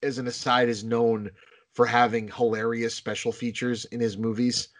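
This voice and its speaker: A man chatting on a podcast, spinning film stories with lively energy. He jumps from one aside to the next as he talks. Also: medium pitch. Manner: animated storyteller, quick asides. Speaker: podcast co-host. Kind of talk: casual chat.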